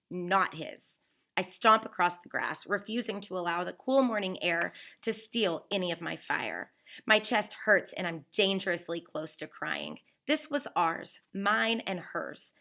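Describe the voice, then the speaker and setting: A woman's voice, low and creaky, carries an expressive reading of a first-person novel. She slows down whenever a phrase turns emotional.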